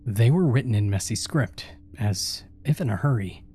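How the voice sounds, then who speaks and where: A man's voice: medium pitch, animated, normal speed, dark tone, soft background music. A man reading first-person horror stories aloud and voicing the characters in the dialogue. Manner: voices each character in dialogue. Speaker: horror story narrator. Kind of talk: scripted horror narration.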